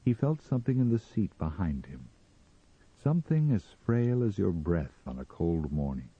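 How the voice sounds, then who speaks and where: A man narrating a story in a measured, expressive dramatic reading, on a slightly muffled recording. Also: sits low, slightly rough.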